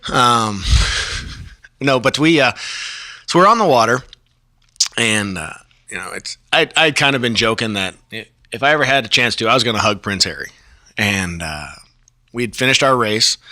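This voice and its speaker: A man's voice: lowish voice, pushed and bright, no echo, studio quality. A man guest on a podcast, telling a story casually with many fillers and chuckles.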